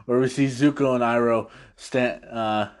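A man talks through an episode recap in a loose, chatty way, often breaking into laughter. His voice sits at an ordinary middle pitch. He keeps jumping into goofy put-on voices to act out the lines he quotes. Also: fairly even intonation, measured pace. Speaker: podcast host recapping an episode. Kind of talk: casual recap talk.

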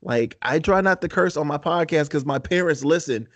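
A man's voice: a little high, normal speed, a bit bright, dry recording. A man hosting a mental health podcast, talking casually with lots of fillers and the odd curse. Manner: rambling, laid-back, lots of fillers and casual cursing.

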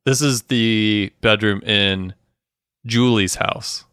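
Low-voiced man retelling a TV episode casually. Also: slow, clear, resonant tone, no echo, studio quality. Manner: animated retelling, acting out characters' lines, swears and laughs often. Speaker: podcast co-host. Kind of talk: casual chat recapping a TV episode.

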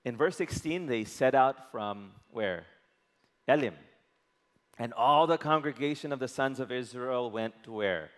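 A man's voice: medium pitch, measured pace. A man preaching a sermon, often asking the congregation questions and waiting for answers. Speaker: pastor. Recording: long hall reverb.

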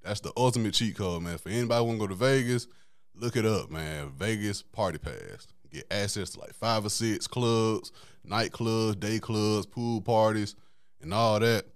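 A man's voice: lowish voice, normal speed, dry recording, studio quality. A man hosting a podcast, telling a casual story in a laid-back, slangy way and laughing often. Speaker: podcast host.

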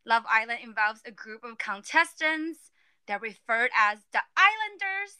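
Bright, high-voiced chatty woman host. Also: clean tone, dry recording. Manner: chatty, explains slang animatedly. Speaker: podcast host. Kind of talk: casual chat.

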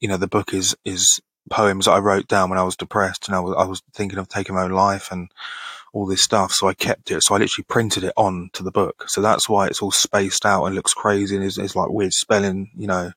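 A man around thirty chats through listener questions on his podcast. His voice sits on the low side with a slightly husky grain. He stays easygoing, laughs a lot and swears without thinking, recorded close and dry. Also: level tone, brisk, fairly bright tone, dry recording. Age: 30s. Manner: laid-back, laughs often, swears casually. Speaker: podcast host. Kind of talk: casual Q&A reading listener questions.

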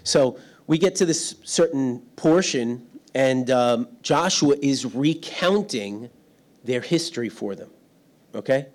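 This middle-aged pastor takes his sermon slowly, his medium-pitched voice animated, in a church hall lacking windows. He tells stories about himself with self-deprecating humor and laughs a lot.

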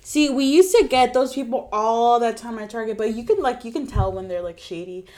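Higher-voiced young woman, chatty co-host. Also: brisk, warm tone. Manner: chatty, reacts with laughs and exclamations. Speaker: podcast co-host. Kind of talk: casual chat.

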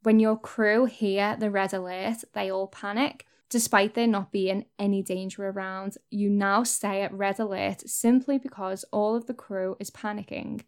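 A woman's voice: mid-range voice, fairly even intonation, unhurried, few pauses, smooth. Earnest young woman talking candidly. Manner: candid, earnest, occasional swearing. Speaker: vlogger. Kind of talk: personal talk to camera.

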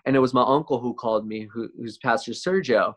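Male interview guest, mid-pitched, relaxed testimony delivery, lots of fillers and self-corrections. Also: brisk. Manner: conversational, frequent "man" and "like", repeats and restarts words. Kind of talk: casual personal testimony.

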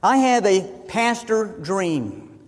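Man, pastor, sermon, high pitch, emphatic repetition, long echoing reverb. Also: big pitch swings, takes it slowly. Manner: emphatic, repeats phrases for emphasis.

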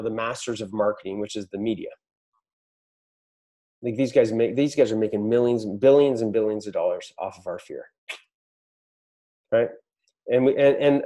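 A man's voice: mid-range voice, dark tone. A man hosting a podcast, giving a blunt, profane motivational pep talk to business owners. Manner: blunt, swears a lot, pep-talk energy. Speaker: podcast host.

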